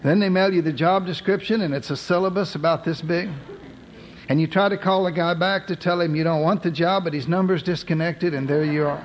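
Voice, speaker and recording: High-voiced male preacher, joking storyteller. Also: fairly even intonation, a little fast, poor audio. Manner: storytelling with humorous modern asides. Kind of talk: sermon.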